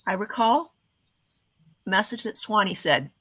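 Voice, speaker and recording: Bright, expressive woman teaching voice skills. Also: mid-range voice, breathy edge. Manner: expressive, varies her voice often, slows down on purpose. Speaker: event host and communication speaker. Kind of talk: motivational talk on speaking skills.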